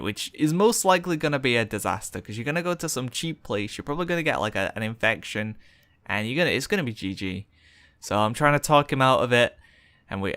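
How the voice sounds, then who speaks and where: A young man tells a rambling story in a loose, chatty way, full of fillers. His voice is forceful and bright, and the sound is dry and close. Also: mid-range voice, clear, resonant tone, no echo. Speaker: streamer. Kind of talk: casual storytelling while gaming.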